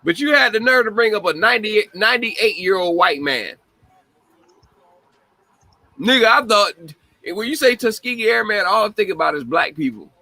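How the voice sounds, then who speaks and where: A man's voice: high voice, lively intonation, normal speed, pauses often, bright, forceful tone, no echo, low-quality recording. A man hosting a podcast, ranting bluntly in casual talk, swearing heavily and often breaking into laughter. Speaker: podcast host. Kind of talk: casual profane commentary.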